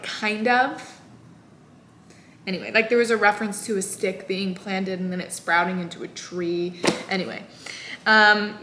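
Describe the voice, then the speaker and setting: A woman in her twenties casually recapping a novel in an animated, exasperated way, full of "like". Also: medium pitch, slight background noise. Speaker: book vlogger. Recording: echoey room.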